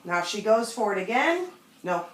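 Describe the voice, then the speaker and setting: A woman dog trainer calmly explaining a technique to viewers in a demonstration video. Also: medium pitch, moderate pace. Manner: calm, explanatory, talks directly to viewers. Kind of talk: instructional demonstration to camera. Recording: echoey room.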